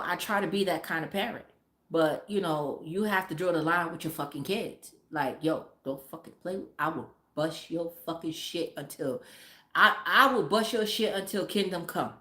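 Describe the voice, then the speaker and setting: A woman's voice: lowish voice, fairly bright tone. Blunt, profane woman telling a story. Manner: blunt, profane, lots of fillers. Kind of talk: casual live storytelling. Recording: roomy echo.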